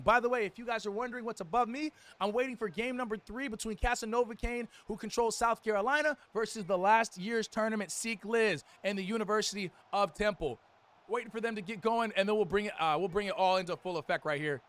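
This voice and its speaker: A man's voice: high voice, fast talker, a bit bright. A young man calling a college football video game tournament on his live stream, hyping plays in casual slang and chatting with viewers. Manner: hype play-by-play with casual slang, chats with viewers. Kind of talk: live-stream play-by-play commentary.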